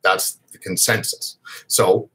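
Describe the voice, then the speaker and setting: Host, male, low husky voice, rambling and emphatic, live-stream chat. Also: flat delivery, takes it slowly, a bit bright. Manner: rambling, emphatic, with fillers and restarts. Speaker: host of a vaping news show. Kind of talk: casual live stream talk.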